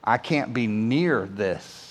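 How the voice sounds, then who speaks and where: A man doing Peter, a gruff weary fisherman. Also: a little high, measured pace, voice pushed down, close to an everyday voice. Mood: pleading. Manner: drawling talk-back, then anxious pleading. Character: gruff weary male fisherman, blunt and frightened. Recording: long hall reverb.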